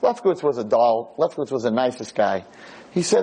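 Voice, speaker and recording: A man's voice: mid-range voice, sing-song, a little fast, dark tone, breathy edge, rough recording. A man lecturing, telling a story in a casual, conversational way.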